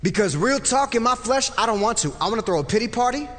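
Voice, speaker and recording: High-voiced man telling a lively testimony. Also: fast talker. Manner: vivid storyteller, swings from loud excited to soft and hushed. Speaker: speaker telling a personal testimony. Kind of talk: animated faith testimony. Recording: long hall reverb.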